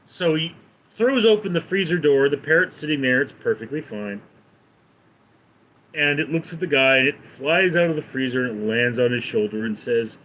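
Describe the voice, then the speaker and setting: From his home in Los Angeles, a livestreamer with a somewhat high, fairly bright voice and lively intonation chats casually at an unhurried pace. He tells a rambling joke and reads out and answers viewer comments, with slight background noise in a low-quality recording.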